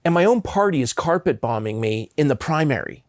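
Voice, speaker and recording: A man's voice: a little high, expressive, fairly quick, no room sound, studio quality. A man in his fifties, a pastor from Southern California, earnestly telling personal stories in an interview. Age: 50s. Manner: earnest, impassioned.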